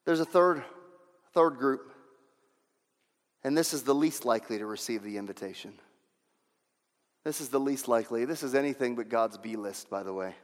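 A male pastor preaching a sermon, emphatic, repeating lines for effect and swinging from hushed to shouting. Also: medium pitch, moderate pace, pauses often, long reverb tail.

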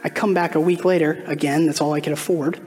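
Man, pastor, sermon, conversational storytelling, asks the congregation questions, soft music underneath, church sanctuary. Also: a little high, steady tone, fast. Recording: long hall reverb, faint music behind.

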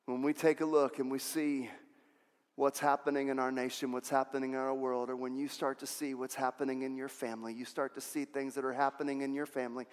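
A man preaching a sermon, animated, acting out voices and swinging from loud to hushed. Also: medium pitch, brisk. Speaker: pastor. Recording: long hall reverb.

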